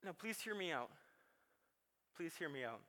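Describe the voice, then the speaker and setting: Male pastor in his thirties, casual sermon delivery, laughs often, voice slightly high and forceful. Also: very animated, moderate pace. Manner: chatty, self-deprecating, laughs often, repeats words.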